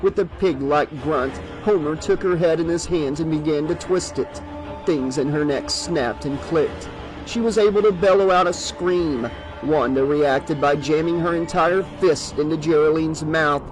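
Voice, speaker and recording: A man giving a steady, measured audiobook narration of a horror novel. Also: a little high, over music, low-quality recording.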